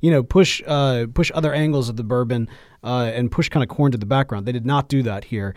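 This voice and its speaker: A man's voice: medium pitch, a little fast, a little mellow, no room sound. A man from Mississippi, co-hosting a casual podcast chat and gushing with enthusiasm in a small home studio. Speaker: podcast co-host.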